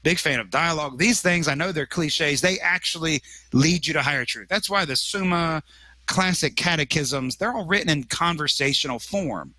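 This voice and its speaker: A man's voice: a little high, normal speed, sharp tone, no room sound, rough recording. A man speaking as an interview guest, earnest and emphatic, often restarting his sentences. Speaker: magazine editor and guest. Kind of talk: conversational interview.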